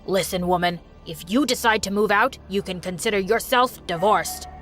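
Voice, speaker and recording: A woman voicing a harsh, contemptuous father who speaks in a gruff, commanding way. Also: mid-range voice, moderate pace, a bit bright, soft background music, voice pushed down, close to an everyday voice.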